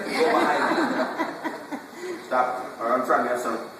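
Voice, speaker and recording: A man's voice: on the high side, wildly swooping pitch, a little slow. A man teaching a puppy training class, quizzing the handlers and repeating short commands in a drill-like way. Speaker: dog trainer. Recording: echoey hall, distant camera, room noise.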